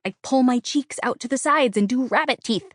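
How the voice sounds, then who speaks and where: A woman's voice: high voice, normal speed, a bit bright, dry recording, studio quality. A woman narrating a novel in the first person, with a wry, conversational, self-deprecating delivery. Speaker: audiobook narrator.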